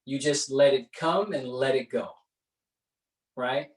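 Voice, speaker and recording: Male breathwork instructor, unhurried delivery, recorded from a distance in an echoey space. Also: medium pitch. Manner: conversational, checks in with "right?". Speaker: yoga and meditation instructor. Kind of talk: guided breathing class. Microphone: far from the mic. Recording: roomy echo, distant mic.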